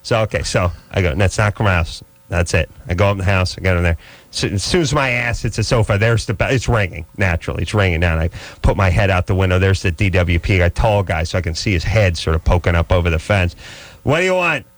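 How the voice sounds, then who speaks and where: A man's voice: quick pace, dry recording. A male radio host telling a profane, exasperated story as a comic rant, with punchy delivery. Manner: punchy delivery, jumps into high mocking voices. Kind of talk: comic ranting talk radio.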